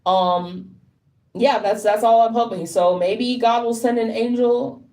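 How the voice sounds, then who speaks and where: A woman with a somewhat high voice delivers an unscripted monologue straight to camera. She sounds deeply distressed, and she talks bluntly and profanely, breaking off and repeating words as she goes. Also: steady tone, unhurried, dark tone. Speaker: vlogger.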